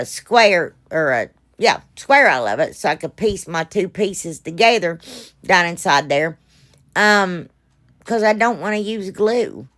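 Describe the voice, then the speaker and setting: In a casual crafting voice-over, a middle-aged American woman talks through her project in a lowish, somewhat bright voice. The craft channel host rambles chattily, puts herself down, and fills her speech with fillers.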